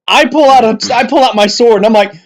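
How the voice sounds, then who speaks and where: A man playing a tabletop game, describing his moves in a halting, plain-spoken way. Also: very high voice. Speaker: player. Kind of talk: casual tabletop play.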